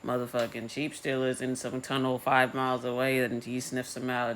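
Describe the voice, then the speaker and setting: A young woman giving a casual, profane recap of a TV episode, rambling and slangy with a deadpan delivery. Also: a bass voice, moderate pace, few pauses, slight background noise.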